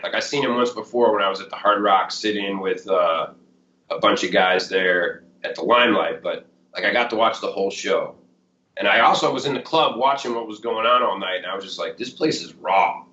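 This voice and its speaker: A man in his fifties with a Chicago accent, speaking a little low with a bright, sharp edge. He rambles through a casual interview story, leaning on "like" and "you know". The sound is roomy and dull, lo-fi. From Chicago area. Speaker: blues musician guest.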